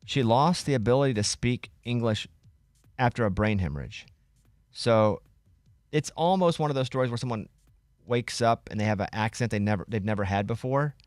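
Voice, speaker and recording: A man's voice: medium pitch, lively intonation, normal speed, a little mellow, no echo. A man hosting a radio morning show, leading casual studio banter and arguing his point. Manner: argumentative, leads the discussion.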